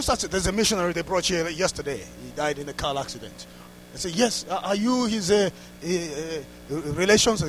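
A man preaching a sermon through a story, dropping to hushed asides and rising to loud exclamations. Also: high-pitched, slight background noise, poor audio. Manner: laughs between lines.

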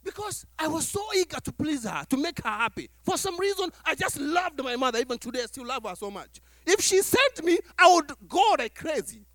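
A man preaching a sermon as pastor to his church, animated, acting out little dialogues and laughing as he talks. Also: extremely high pitch, a little fast, few pauses, no echo, studio quality.

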